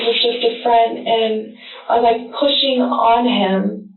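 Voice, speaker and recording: A woman in a police interrogation, talking in a halting, rambling way full of fillers and restarts. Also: on the high side, steady tone, creaky. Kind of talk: recorded interrogation testimony. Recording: tinny, echoey interrogation room audio from a distance.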